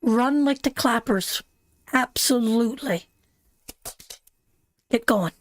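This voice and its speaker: A woman with a somewhat high voice speaks slowly while hosting a live tarot reading, in a dry recording. She addresses viewers affectionately as sweetheart and my darling. Emphatic, she repeats her points over and over.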